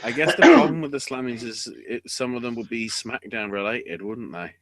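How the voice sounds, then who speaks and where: A man co-hosting a podcast in casual chat, swearing often and bursting into excited outbursts. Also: mid-range voice, normal speed. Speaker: podcast co-host.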